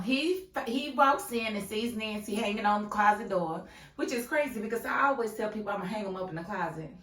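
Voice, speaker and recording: A woman giving a casual, animated recap of a TV episode, laughing often and acting out the scenes in voices. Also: mid-range voice, recorded from a distance. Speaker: YouTube TV reviewer. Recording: echoey room, a bit off-mic.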